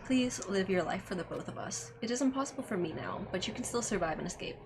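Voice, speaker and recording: A woman voicing an earnest, childlike computer program that talks in a polite, calm, analytical way. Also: medium pitch, fast, noisy background, lightly acted.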